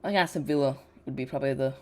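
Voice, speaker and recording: Football watch-along host, chatty and loose, talks straight to the chat, mid-pitched voice. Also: rapid-fire, a little mellow. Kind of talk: casual live watch-along commentary.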